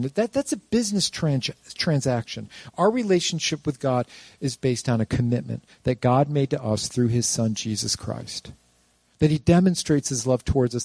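A man preaching a sermon as pastor, lively and quizzing his congregation with rhetorical questions, breaking into playful jokes. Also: medium pitch, slightly rough, no echo.

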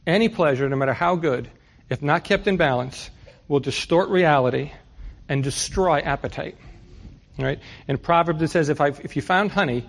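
A man's voice: on the high side, moderate pace. A middle-aged man from New York City preaching a conversational sermon, often putting rhetorical questions to his listeners. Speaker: pastor.

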